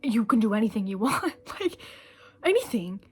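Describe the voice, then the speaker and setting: A young adult woman vlogger talks directly to camera with earnest emotion, rambling and casually swearing as she opens up. Her fairly high voice is sing-song and a little breathy at a moderate pace, with soft music in the background.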